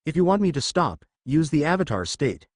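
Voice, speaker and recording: A man's voice: mid-range voice, very animated, moderate pace, a little mellow, husky, no room sound, studio quality. A man voicing a furious, domineering middle-aged general in a narrated story, reading his lines in a stern, demanding way. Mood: angry.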